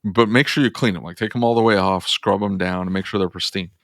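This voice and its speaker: A man's voice: sits low, fairly even intonation, fast talker, no room sound, clean studio sound. A man who runs an auto repair shop, telling a story on a podcast and acting out both sides of his phone calls.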